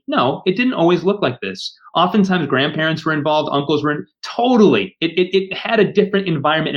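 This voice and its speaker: Earnest guy cohosting a podcast, firm and emphatic, a bit muffled lo-fi sound. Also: on the high side. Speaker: podcast co-host. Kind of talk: casual discussion.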